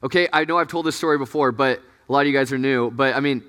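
A man's voice: medium pitch, fast, fairly bright tone, clean tone. A man preaching to college students in a casual, joking way, chatty and self-mocking with frequent laughs and fillers, in front of a large audience. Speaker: campus ministry pastor. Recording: long hall reverb.

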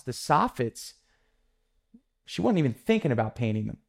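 A young adult man hosting a solo podcast, telling a sales story in a lively, casual way and acting out quick bits of dialogue. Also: mid-range voice. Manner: animated, acts out customer dialogue in quick quotes. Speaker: podcast host, painting contractor.

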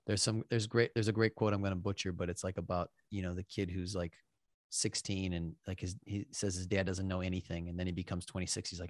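A man's voice: sits low, fairly even intonation, fairly quick, dry recording, clean studio sound. A man hosting a podcast, chatting loosely and rambling with lots of fillers as he asks a guest questions. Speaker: podcast host. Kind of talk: casual interview chat.

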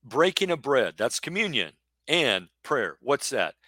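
A man's voice: medium pitch, very animated, a little slow, pushed and bright, dry recording. Emphatic man preaching a Bible lesson. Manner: emphatic, rhetorical, acts out imagined questions. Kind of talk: sermon-style Bible teaching.

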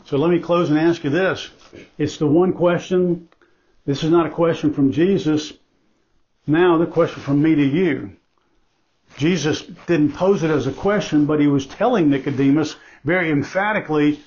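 A man's voice: a little high, normal speed, darkish tone, breathy edge. A man preaching a sermon as pastor, earnest and emphatic, repeating key phrases for weight. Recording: dull lo-fi recording.

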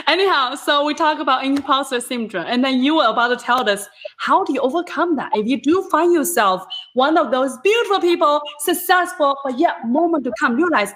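A woman hosting a video-call interview, talking in an animated, exclaiming way with casual swearing. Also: high-pitched, normal speed. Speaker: podcast host.

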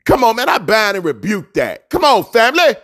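High-voiced, animated preaching man. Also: fairly quick. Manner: fiery preacher cadence, slangy, calls listeners family; repeats key lines for emphasis. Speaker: motivational radio host. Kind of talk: preached motivational talk.

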